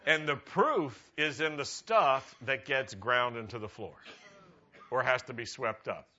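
Chuckling rabbi with a bright voice. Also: male voice, mid-range voice, a little slow, highs cut off. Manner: chatty, laughs at his own jokes. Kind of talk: humorous sermon.

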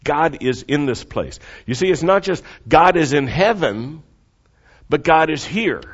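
Male pastor mid-sermon, animated pitch, gets the room to repeat after him; lo-fi audio. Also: measured pace, husky. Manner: expressive preaching, has the congregation repeat lines.

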